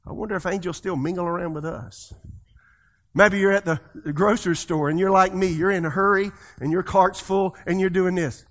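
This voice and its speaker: Man, pastor, sermon, fairly high voice, animated, loud and soft swings, call-and-response. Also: moderate pace. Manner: leads the congregation in call-and-response.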